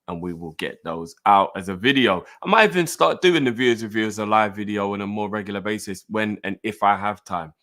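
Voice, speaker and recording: A man hosting a live football fan review show, talking in a relaxed, chatty way straight to his viewers. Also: low-pitched. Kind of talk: casual live show presenting.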